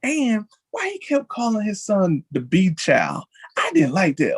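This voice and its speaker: A man hosting a casual celebrity chat show, talking in an animated way and leaping high in pitch when excited. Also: unhurried, breathy edge. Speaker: show host.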